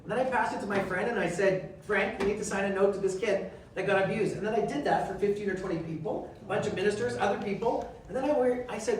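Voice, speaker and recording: A Canadian man speaks as a guest, telling lively stories and acting out the voices of the people in them. He is picked up by a distant mic in a very echoey room, and a faint noise runs underneath. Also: high-pitched, quick pace, few pauses. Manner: animated, acts out quoted dialogue. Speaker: guest speaker, member of parliament. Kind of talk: storytelling talk.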